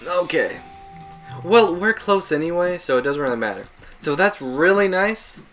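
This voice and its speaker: A man's voice: high voice, expressive, moderate pace, a bit bright, soft background music. A man giving casual, rambling gameplay commentary, self-mocking and chuckling at his mistakes. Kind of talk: casual let's-play commentary.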